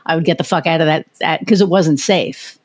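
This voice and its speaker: Casting note: American woman, podcast host, frank storyteller who curses freely, slightly low voice. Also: brisk. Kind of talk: casual interview chat.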